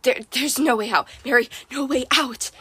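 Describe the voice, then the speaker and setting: A woman's voice: sits high, normal speed, pushed and bright, breathy edge, full character voice. A woman voicing a delirious, terrified teenage boy in a storybook, stammering and raving.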